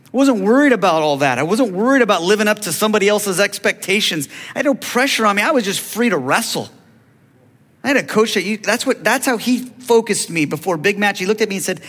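A man's voice: sits high, lively intonation, fast, a bit bright. A man preaching a sermon, acting out biblical dialogue and calling to the congregation for amens. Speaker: pastor. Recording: long hall reverb.

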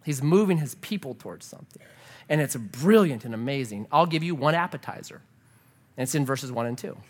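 A man preaching a sermon in church, animated and humorous, asking the congregation rhetorical questions. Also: mid-range voice, brisk. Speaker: pastor.

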